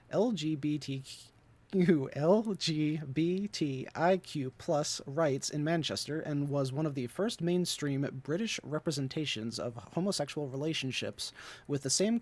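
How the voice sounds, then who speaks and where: American guy reading bits of the book out loud, kinda high voice, quick and easygoing. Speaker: co-host reading quoted passages. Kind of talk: casual read-aloud podcast.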